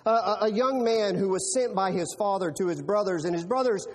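A man preaching a sermon who tells the story in an animated way, often repeating words as he starts a line. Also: sits high, fairly quick, a little hiss or hum. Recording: long reverb of a large hall.

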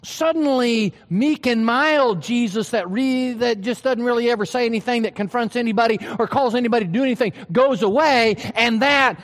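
A man's voice: very high voice, a bit bright, in a large hall. A man preaching a sermon, emphatic and full of questions to his listeners. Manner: emphatic, asks the hearers questions.

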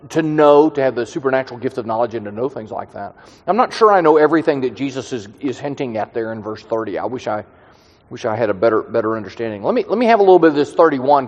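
A man leading a Bible study in a conversational teaching style, thinking aloud with restarts and slowing down to stress key words. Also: a little high, a little mellow, long reverb tail.

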